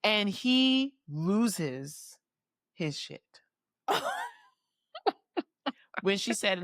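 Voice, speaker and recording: A woman co-hosting a podcast, chatting and telling a story in an animated way with frequent laughs. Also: mid-range voice, no room sound, clean studio sound. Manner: animated, laughing, jumps in with quick asides. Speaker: podcast co-host. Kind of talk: casual chat and storytelling.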